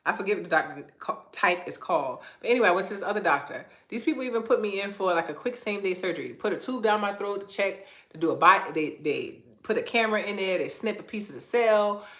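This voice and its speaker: A woman wellness coach talking through a personal story in an animated, casual way, slipping into higher voices when she quotes people. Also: fast talker, few pauses. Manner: casual, conversational phrasing. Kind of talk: live-streamed personal story talk. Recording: echoey room.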